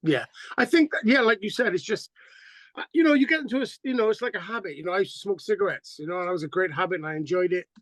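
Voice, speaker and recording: Rock singer, middle-aged, high dry voice, lively swearing anecdotes. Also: male voice, very fast, no echo. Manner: animated, profane, acts out quotes. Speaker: band singer, interview guest. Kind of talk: casual interview storytelling.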